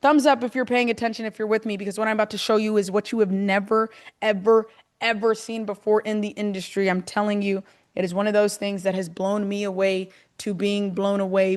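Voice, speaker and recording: A woman hosting a live call, delivering an excited sales pitch for a trading program and repeating her phrases for emphasis. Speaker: host presenting a trading program.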